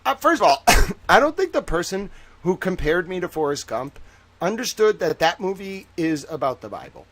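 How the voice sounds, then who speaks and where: Playful streamer with a Southern drawl. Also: male voice, sits high, big pitch swings, normal speed, dry recording. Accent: put-on Southern drawl. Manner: playful, teasing, boastful. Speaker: livestream host. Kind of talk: casual livestream commentary.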